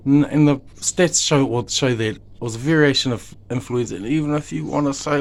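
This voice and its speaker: New Zealand dad, mid-pitched, emotional and rambling plea to camera, heavy swearing. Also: male voice, a little fast, hardly any pauses, darkish tone. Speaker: father; video maker. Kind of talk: impassioned direct-to-camera monologue.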